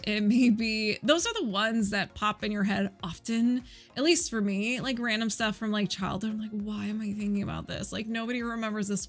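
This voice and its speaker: A woman's voice: fairly high pitch, bright, forceful tone. A woman running a live healing session, chatty and playful, laughing often and answering her own yes-or-no questions. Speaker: energy healer.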